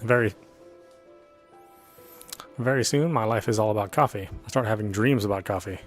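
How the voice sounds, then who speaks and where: Low-voiced man reading a story aloud. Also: fast talker. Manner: earnest first-person narration. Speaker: visual novel reader. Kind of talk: reading a visual novel aloud. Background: faint background music.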